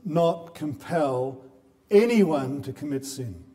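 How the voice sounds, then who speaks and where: A male preacher delivers an earnest sermon in a mellow, dark voice. His words ring out with a long reverb, as in a big church hall. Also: fairly high pitch, animated, takes it slowly, soft background music. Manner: earnest, repeats words when building a point.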